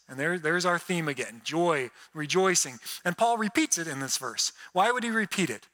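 A man's voice: a little high, expressive, moderate pace, few pauses, sharp tone. A man preaching a sermon, earnest with sarcastic asides and playful mock voices. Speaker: pastor. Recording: reverberant hall.

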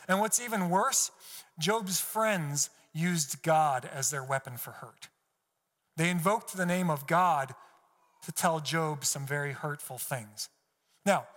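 A male pastor giving an earnest, emphatic sermon, his pitch climbing when he quotes God. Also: a bit bright. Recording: long hall reverb.

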